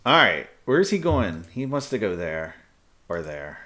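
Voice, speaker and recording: A man streaming live chess, thinking aloud in halting, muttered bursts as he calculates moves. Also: lowish voice, big pitch swings, pushed and bright.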